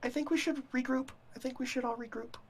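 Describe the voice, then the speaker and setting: A woman's voice: sits high, steady tone, quick pace, slight background noise. A woman playing in a tabletop game, joking and giggling as she talks. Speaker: player. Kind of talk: casual tabletop game play.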